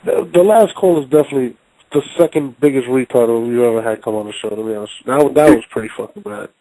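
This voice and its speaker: A man hosting a call-in show, talking casually, loudly and profanely, often repeating words as he rambles. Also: mid-range voice, quick pace, no echo, poor audio. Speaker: show host.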